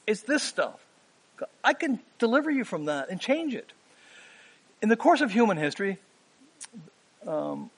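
A man in his fifties preaching a sermon, earnest, pausing with "um" and rising for emphasis. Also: a little high.

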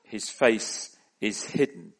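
A man preaching a sermon in a measured, deliberate way, rising into emphatic questions. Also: fairly low pitch, lively intonation, slightly rough.

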